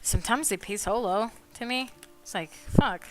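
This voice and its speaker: A woman's voice: medium pitch, normal speed, hardly any pauses. A woman streaming her drawing, chatting casually, swearing freely and laughing a lot as she rants in mock outrage. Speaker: artist streaming while drawing. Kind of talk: casual chat. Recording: soft music behind the voice.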